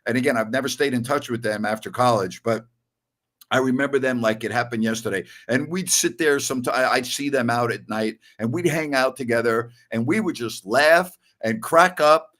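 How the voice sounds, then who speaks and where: Man in his 60s, podcast host, rambling stories, chuckling, mid-pitched voice. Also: moderate pace, a bit bright. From New York. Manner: rambling storyteller, chuckles often. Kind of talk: casual chat.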